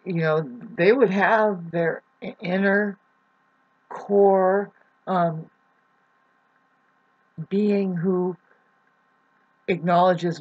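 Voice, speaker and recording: A husky, slightly breathy woman in her forties muses aloud about astrology in a loose, wandering way. She stops and restarts often and leans on plenty of "um"s. The lo-fi recording sounds dull and muffled. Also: fairly low pitch, steady tone. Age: 40s. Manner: halting, with many fillers and restarts. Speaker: astrology vlogger. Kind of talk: casual rambling astrology talk.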